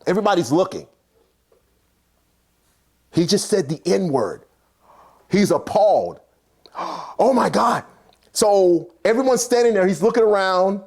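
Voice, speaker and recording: A man casually telling a personal story, animated and acting out the people in it, with plenty of fillers. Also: high-pitched, a little slow, pauses often. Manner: animated, acts out characters, many fillers.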